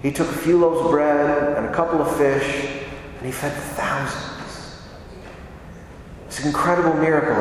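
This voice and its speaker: A preacher delivers a conversational sermon, posing rhetorical questions and repeating phrases to drive points home. His slightly high voice sounds distant in an echoey hall, with a bit of background noise.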